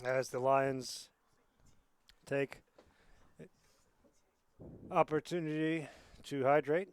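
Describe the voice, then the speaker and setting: A man's voice: mid-range voice, very slow, smooth. Chatty man doing rugby commentary. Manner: chatty, rambling asides, excited bursts on plays. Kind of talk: amateur sports commentary. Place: commentary booth at a school rugby pitch.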